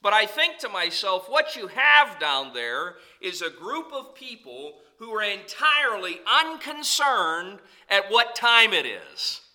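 A man preaching as a pastor, swinging between loud calls and soft, low asides. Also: very animated, slow, hardly any pauses. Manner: preaching with sweeping rises and drops in pitch and volume. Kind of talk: sermon.

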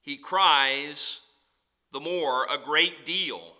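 A man preaching as a pastor, swinging between loud calls and soft, low asides. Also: lively intonation, measured pace. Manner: preaching with sweeping rises and drops in pitch and volume. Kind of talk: sermon.

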